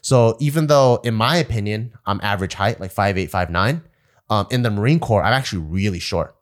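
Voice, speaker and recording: A young man with a fairly low voice tells a long, crude story in loose, casual talk. He swears constantly and slips into the voices of the people he quotes. His delivery is animated and unpolished. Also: a little fast. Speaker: podcast guest.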